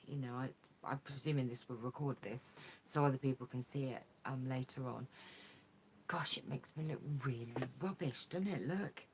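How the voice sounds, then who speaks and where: Low-pitched woman, casual live-stream host, chatty and effusive, tablet mic at home. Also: a little hiss or hum. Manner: chatty, rambling, effusive, many fillers. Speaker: craft vlogger hosting a live chat. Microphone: tablet camera mic.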